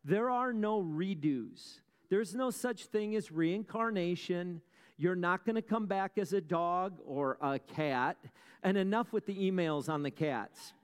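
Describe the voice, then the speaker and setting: A man preaching in a big church hall, his somewhat high voice ringing with a long echo. He tells stories with dramatic pauses, poses rhetorical questions and drops wry asides to the congregation. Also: clean tone. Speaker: pastor. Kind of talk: sermon.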